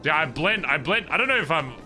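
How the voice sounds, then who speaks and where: A fast-talking man from England streams a roleplay game, his fairly high voice sharp-toned with lively intonation over soft background music. He chats casually and rambles, joking at his own expense and laughing at his remarks.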